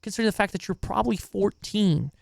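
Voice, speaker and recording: A man gives live-stream reaction commentary, swearing in exasperation and talking with viewers in between. He talks fast in a high, creaky voice, captured in a dry recording with clean studio sound.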